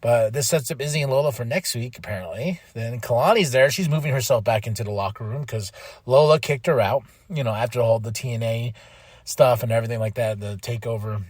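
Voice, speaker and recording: A man hosting a podcast, giving a casual, animated wrestling recap, chatty with lots of fillers and restarts, acting out quotes in exaggerated voices. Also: mid-range voice, brisk, no room sound, clean studio sound. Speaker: podcast host.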